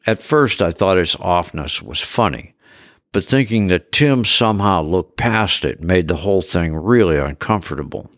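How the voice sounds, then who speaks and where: A man's voice: low voice, lively intonation, normal speed, fairly bright tone, no room sound, clean studio sound. A man narrating a first-person story in a wry, conversational way.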